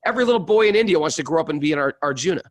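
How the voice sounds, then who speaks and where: A man's voice: a little high, expressive, rapid-fire, no room sound. A middle-aged man hosting a casual spiritual podcast, enthusiastic and self-deprecating, telling stories with animation. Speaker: podcast host.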